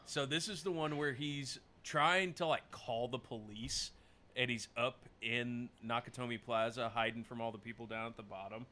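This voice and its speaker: A man's voice: mid-range voice, fairly even intonation, moderate pace, bright, forceful tone. A man co-hosting a casual movie podcast, retelling scenes and laughing as he goes. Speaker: podcast co-host.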